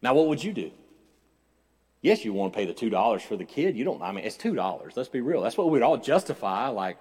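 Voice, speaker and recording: A man's voice: on the low side, big pitch swings, fast, breathy edge. Preaching pastor man in a reverberant hall. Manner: swings between loud urgent preaching and quiet conversational storytelling. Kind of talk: sermon.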